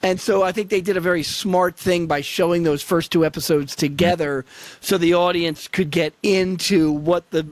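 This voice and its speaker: A man's voice: fairly high pitch, dry recording. A man co-hosting a casual history discussion over a video call, explaining slang terms with examples. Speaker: podcast co-host.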